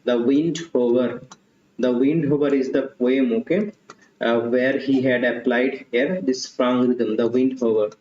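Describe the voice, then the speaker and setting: An English literature tutor runs an online exam-prep class, repeating the questions and answer options and adding asides in Hindi. His voice is medium-pitched with fairly even intonation and a slightly slow pace. The recording sounds dull, roomy and lo-fi.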